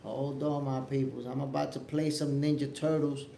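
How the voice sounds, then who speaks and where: Animated New York man on a livestream. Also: mid-range voice, moderate pace, creaky, a little hiss or hum. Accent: New York City. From New York City. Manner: animated, repeats himself, talks straight to viewers. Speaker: boxing show host. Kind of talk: casual livestream chat. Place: home, at the Dominican Republic.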